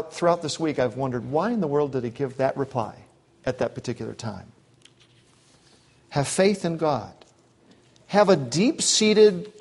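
A man preaching a sermon in a conversational way, with asides and acted-out quotes. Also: on the high side. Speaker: pastor. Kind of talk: expository sermon.

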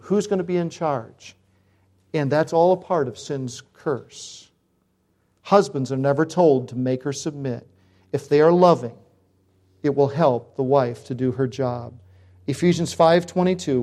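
Male pastor, middle-aged, warm dark tone, folksy emphatic sermon delivery. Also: high voice. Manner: folksy, emphatic preaching with rising exhortations.

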